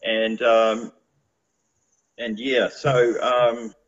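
A man's voice: medium pitch, flat delivery, very slow, muffled recording. A man, chatting casually as a guest with a rambling manner and lots of fillers. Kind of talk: casual chat.

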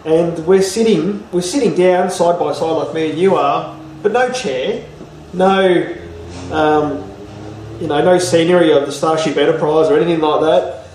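His darkish voice sits on the high side and moves at a normal speed, with a slight hiss or hum underneath. As an interview guest, he tells a personal story loosely and rambling, with frequent fillers and restarts, captured by a distant mic in a roomy room with faint ambience.

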